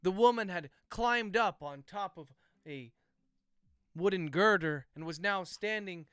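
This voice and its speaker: Smooth-voiced man dictating a novel. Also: sits high, unhurried, no echo, studio quality. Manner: steady, methodical dictation. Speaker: author. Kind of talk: dictating a novel aloud with spoken punctuation. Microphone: close livestream microphone.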